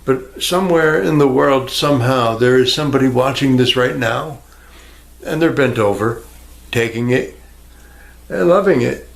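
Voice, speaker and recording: A man rambles at his camera in a loose, crude monologue, mocking himself and chatting straight to the viewer. His voice is mid-pitched with a gravelly creak running through it. He is recorded at home on the camera's own microphone. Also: normal speed. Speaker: YouTuber. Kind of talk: rambling casual vlog monologue. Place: indoors at home, near a fish tank.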